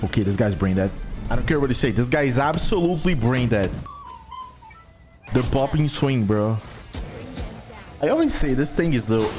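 A man commentating his own gameplay with brash, crude trash talk and exasperated rants. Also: medium pitch. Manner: exasperated, ranting.

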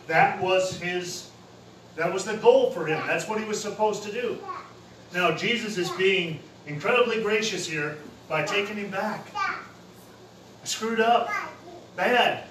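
A high-voiced man preaches in a plain, casual way, dropping in everyday slang. He is heard from some distance in a roomy hall that echoes. Faint noise sits under his voice. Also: normal speed, fairly bright tone. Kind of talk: sermon.

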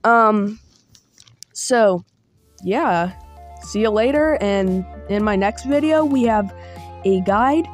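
A woman's voice: mid-range voice, lively intonation, takes it slowly, long pauses, faint music behind. A woman giving a casual spoken guide as a tabletop game master, chatty and meandering with small asides.

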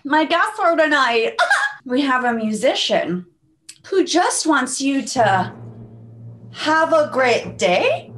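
A bubbly woman hosts a casual chat show in a high, lively voice that swoops up and down. She talks at an unhurried pace, joking and slipping into playful put-on voices. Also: slight background noise. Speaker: host.

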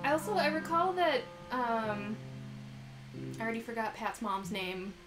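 A woman's voice: on the high side, expressive, a little slow. A woman chatting casually and playfully while co-playing a game on stream. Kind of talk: casual chat. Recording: echoey room with music behind.

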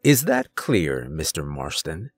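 A man voicing a soft-spoken, sinister older stranger who speaks in a polite, formal way with a quiet mocking edge, in a horror storybook reading. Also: extremely low pitch, huge pitch swings, takes it slowly, vocal fry, husky, dry recording, soft background music, voice pushed down, exaggerated voice.

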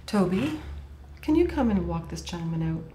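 An actress playing a blunt, dismissive talent agent in a comedy web series. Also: female voice, on the low side, big pitch swings, normal speed. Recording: echoey room with background noise.

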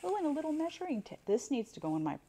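A woman's voice: sits high, sing-song, racing, dark tone, slight background noise. An older woman running a casual unboxing chat for her viewers, chatty and exclaiming over each item as she pulls it out. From Buffalo, New York. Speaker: reseller unboxing mystery boxes.

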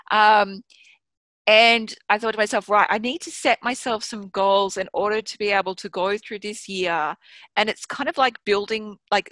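A woman's voice: mid-range voice, dry recording. An Australian woman in her thirties, telling stories frankly in a casual conversation, swearing freely and acting out her own thoughts. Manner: frank, swears freely, lively storytelling with quoted inner voices. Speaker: guest author and business mentor.

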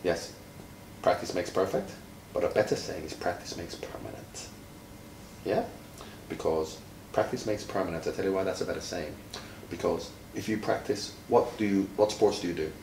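A very deep-voiced man in his fifties from Jamaica, talking playfully to a child and quizzing her, dragging out words to make a point. He sounds set back from the mic in an echoey room with faint noise behind him. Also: vocal fry, darkish tone. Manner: playful, quizzing, drawn-out emphasis. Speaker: retired footballer, interviewee. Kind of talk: friendly teaching chat with a child. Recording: roomy, from far off, faint noise.

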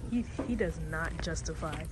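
A young woman vlogging casually while driving and shopping, chatty, excitable and giggly. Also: sits low, moderate pace. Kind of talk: casual vlog chat. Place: car, then inside a store. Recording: loud background noise.

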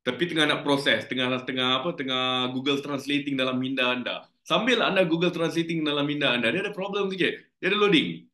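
A man's voice: fairly high pitch, fast, hardly any pauses, reverberant. A man with a Malaysian accent, a teacher giving chatty, jokey exam tips in a casual lesson. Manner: chatty, animated, jokey, code-switching. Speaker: English teacher.

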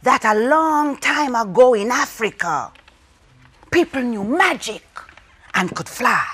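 Slow, dramatic woman storyteller. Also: on the high side, sing-song, a bit bright, husky. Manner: dramatic, call-and-response, drops to whispers. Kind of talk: storytelling for children.

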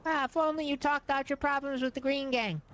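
A woman's voice: sits high, steady tone, a little fast, no room sound, dull audio. A woman roleplaying in a video game, teasing and sarcastic as she trades jabs. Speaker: roleplay player.

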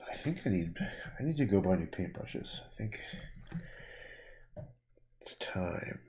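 A man's voice: low-pitched, lively intonation, measured pace, a little mellow, in a whisper. A man talking casually on a livestream as he paints, rambling and laid-back, swearing now and then. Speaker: painter streaming his work.

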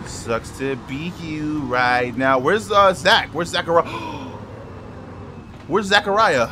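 A young man with a New York accent, casually commentating a racing game with loud, swearing outbursts and quick apologies. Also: fairly high pitch, background noise. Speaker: gaming YouTuber. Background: music and car engine sounds.

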